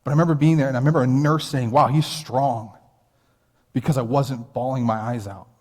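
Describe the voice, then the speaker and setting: An American pastor in his thirties races through a sermon, his medium-pitched, warm voice keeping fairly even intonation. He tells a personal story earnestly and conversationally, and the church sanctuary lends a long hall reverb.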